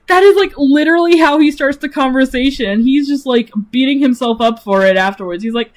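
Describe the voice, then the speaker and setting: A woman's voice: high voice, moderate pace. A woman streamer chatting casually about her own characters, rambling with lots of fillers and giggling often.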